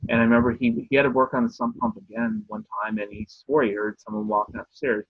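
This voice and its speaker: A young man telling a story casually on a video call, hesitant, with many pauses and restarts. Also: mid-range voice, steady tone, no room sound. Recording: dry phone-like raspy call audio.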